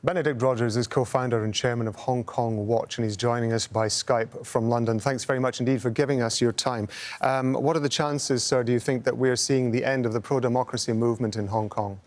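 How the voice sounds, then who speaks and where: A man's voice: medium pitch, fairly even intonation, brisk. A man anchoring a broadcast news interview, asking questions in a polite, formal way.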